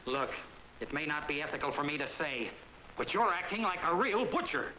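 A man's voice: fairly high pitch, lively intonation, moderate pace, muffled recording. A man playing an exasperated, bossy doctor in an old film comedy. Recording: echoey old film soundtrack with loud hiss.

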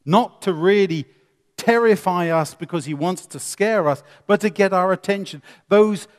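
Male preacher, fairly high voice, dramatic delivery, long hall reverb. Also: normal speed. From England. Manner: dramatic, swings between loud emphasis and quiet asides, rhetorical questions. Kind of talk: sermon.

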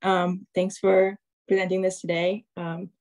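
A woman's voice: lowish voice, flat delivery, a little slow, a little mellow. A woman calling in to a webinar with a friendly question. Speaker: caller asking a question.

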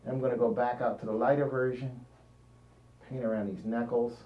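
A man narrates his painting demo at normal speed, his mid-range voice showing little pitch movement. He thinks out loud and regularly drops off mid-sentence, heard through a distant mic in a roomy, dull, lo-fi recording.

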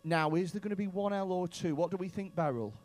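A man's voice: high-pitched, quick pace, darkish tone. A male stand-up comedian in a comedy club, doing profane, bantering crowd work with mock outrage.

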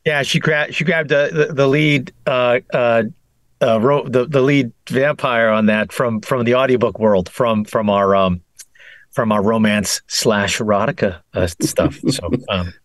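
A man's voice: mid-range voice, fairly even intonation, measured pace, no room sound. A man, a voice actor and audiobook narrator, chatting casually on a video call panel with many fillers and restarts.

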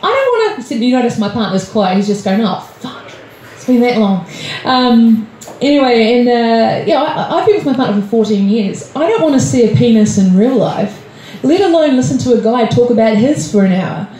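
A woman's voice: on the high side, sing-song, fairly quick, dark tone. Nervous woman doing stand-up. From Australia. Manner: nervous, self-deprecating, chatty with many ums. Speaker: stand-up comedian. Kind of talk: stand-up set. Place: comedy club stage. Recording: roomy club with faint crowd noise.

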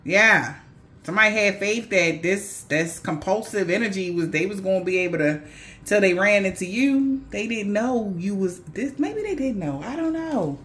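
A psychic reader gives her viewers a casual spiritual reading, speaking straight to them, cursing freely, and laughing often. Her mid-range voice moves at a normal speed, and her manner is profane and animated.

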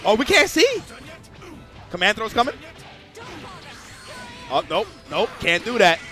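Male streamer calling fighting game matches live; high, lively, bright voice with game music behind. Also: unhurried. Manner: excitable, swears freely, bursts into shouts.

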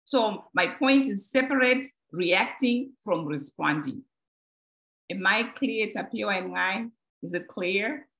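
A woman's voice: medium pitch, takes it slowly, gravelly, fairly bright tone, rough recording. A middle-aged woman giving an earnest church teaching on boundaries, in plain words, acting out short everyday examples. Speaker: speaker teaching a church group. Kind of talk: teaching talk to a congregation.

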